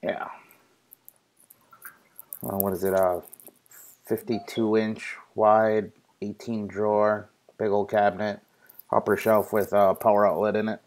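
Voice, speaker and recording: A man in a casual group chat, relaxed and swearing casually. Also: lowish voice, unhurried, pauses often.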